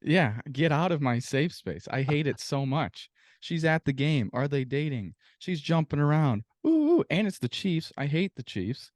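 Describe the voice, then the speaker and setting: A man's voice: fairly high pitch, moderate pace, dry recording, studio quality. A man co-hosting a casual sports podcast, venting in a profane, exasperated rant. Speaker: podcast co-host.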